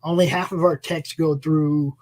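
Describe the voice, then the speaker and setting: A man's voice: a little high, fairly even intonation, normal speed, a little mellow. A man co-hosting a casual online chat show, talking in a laid-back, rambling way. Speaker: co-host.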